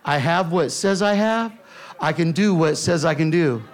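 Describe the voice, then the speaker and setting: A man preaching a sermon to a church, telling a personal story with emphatic delivery that drops to a hush in tender moments. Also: a little high, normal speed. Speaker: pastor.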